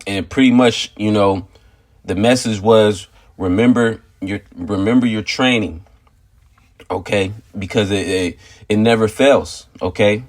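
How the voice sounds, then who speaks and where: A man's voice: fairly low pitch, a little slow. A man telling a personal story and turning it into informal spiritual teaching, rambling and full of "you know" fillers, stressing points with "okay" and "all right". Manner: emphatic, repeats "okay" and "all right" to drive points home. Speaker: religious teacher sharing a testimony.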